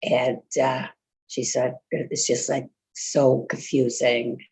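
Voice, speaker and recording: Gravelly older woman telling a rambling story. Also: very deep voice, level tone, takes it slowly, darkish tone. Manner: rambling storyteller, full of fillers and quoted speech. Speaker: congregant. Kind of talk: casual chat.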